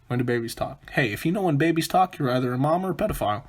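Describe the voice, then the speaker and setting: A man hosting a comedic solo podcast, with a husky, breathy voice at a middle pitch. He rambles from one joke to the next and keeps interrupting himself. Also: lively intonation, very fast, hardly any pauses. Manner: rambling, self-interrupting, jokey. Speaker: podcast host.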